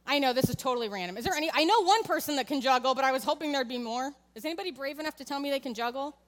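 Racing along with lively intonation, a woman in her thirties preaches in a church sanctuary, her high-pitched voice echoing with big-room sound over slight background noise. Her sermon is conversational as she tells a candid family story and talks directly to the congregation.

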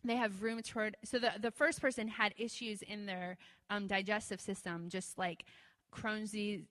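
A woman's voice: mid-range voice, fairly even intonation, moderate pace, fairly bright tone, big-room sound. A woman telling a testimony in a loose, conversational way, full of fillers, who acts out her own prayers in a raised voice. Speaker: speaker sharing a testimony. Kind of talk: testimony storytelling.

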